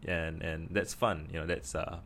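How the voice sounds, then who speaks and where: A man's voice: very deep voice, level tone, moderate pace, gravelly, fairly bright tone, a little hiss or hum. A man from Singapore with a Singaporean English accent, talking casually to camera and thinking aloud with many restarts. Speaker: vlogger.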